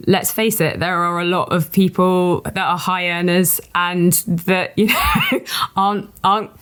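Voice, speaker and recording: Chatty woman with a lower voice. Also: measured pace, fairly bright tone, smooth. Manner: chatty, laughs between points. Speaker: podcast co-host. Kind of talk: casual panel chat.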